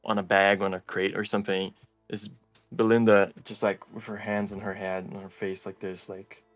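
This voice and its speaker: A man serves as game master for a tabletop game, describing scenes haltingly and with many fillers. His pitch is fairly low and his delivery flat, with faint music in the background.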